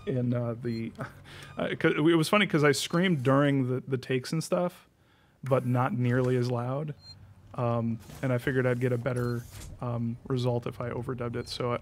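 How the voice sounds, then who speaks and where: A man's voice: mid-range voice, darkish tone, a little hiss or hum. A young man streaming a game, chatting in a rambling way, swearing freely and laughing often. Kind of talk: casual chat while playing.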